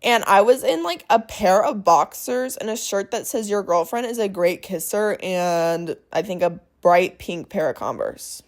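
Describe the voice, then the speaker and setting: A woman's voice: mid-range voice, expressive, unhurried, hardly any pauses. A young woman hosting her own podcast, telling a personal story in a chatty, dramatic way and slipping into quoted voices. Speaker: podcast host. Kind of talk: casual storytelling monologue.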